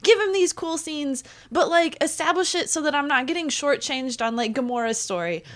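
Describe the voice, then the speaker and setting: A woman with a high voice talks in a relaxed podcast discussion. She argues her opinions firmly, with plenty of emphasis. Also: moderate pace. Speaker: podcast guest. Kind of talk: casual chat.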